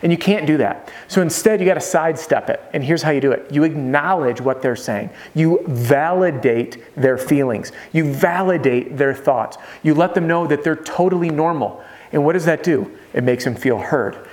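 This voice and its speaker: A man coaching salespeople in an energetic, conversational way, often checking in with his listeners. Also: a little high, moderate pace. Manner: energetic, conversational, peppered with "right?" check-ins. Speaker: roofing sales trainer. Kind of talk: motivational sales coaching monologue.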